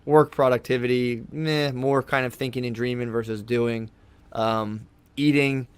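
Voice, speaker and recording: A man's voice: medium pitch, steady tone, measured pace, clean tone. A man talking as a podcast guest in a casual, rambling way, swearing often and calling his host "dude". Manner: rambling, laid-back, swears a lot, says "dude". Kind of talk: casual chat. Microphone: podcast studio microphone.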